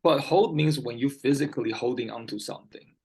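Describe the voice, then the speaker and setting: A man's voice: medium pitch, brisk, a little mellow, breathy edge, low-quality recording. A man tutoring English one-on-one, patiently repeating key words and often checking whether his student understands. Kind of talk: one-on-one vocabulary lesson.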